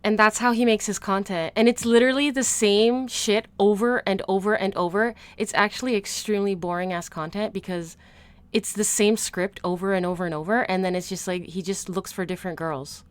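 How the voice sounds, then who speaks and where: A woman's voice: mid-range voice, fairly even intonation, brisk, smooth, no room sound. Chatty sweary woman streamer. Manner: chatty, laughing, blunt and sweary. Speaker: streamer reacting to a video. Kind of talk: casual livestream chat.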